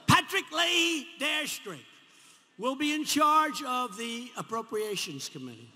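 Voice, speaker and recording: Very high-pitched, unhurried, and strikingly animated, this man's bright, forceful voice fills a big echoing arena over faint crowd noise. He's a politician in his seventies with a New York accent, rambling through a rally speech of repetition and mockery.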